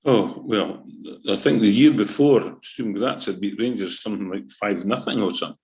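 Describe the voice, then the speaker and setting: Scottish ex-manager, gravelly, animated storyteller, roomy sound. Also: male voice, fairly low pitch, normal speed. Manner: lively anecdotal, acts out quotes, swears. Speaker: former football manager. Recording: roomy echo.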